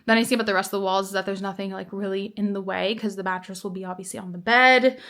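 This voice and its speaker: A woman's voice: mid-range voice, fairly even intonation, fast, a bit bright. A young woman chatting casually to camera at home in a vlog, bubbly and chatty. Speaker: vlogger.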